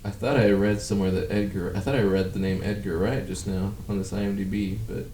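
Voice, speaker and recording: A podcast host with a low voice who chats in a loose, rambling way and swears freely. The recording sounds echoey, as if made in a bare room, with faint background noise. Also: male voice, steady tone, fast talker, mellow, recorded from a distance. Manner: rambling, profane, breaks into laughter. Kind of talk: casual chat.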